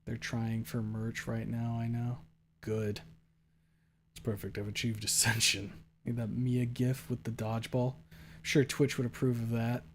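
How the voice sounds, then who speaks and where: A young man streaming and chatting casually, reading viewer messages aloud in a jokey, rambling way that swings from loud excited bursts to low mumbled asides. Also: unhurried, a little hiss or hum.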